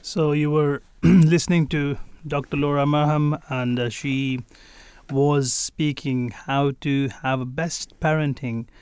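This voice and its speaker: Radio co-host guy, slightly high clear voice, dry sound, thinking out loud. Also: fairly even intonation, takes it slowly, no echo. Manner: reflective, hesitant, clears throat. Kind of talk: radio talk commentary.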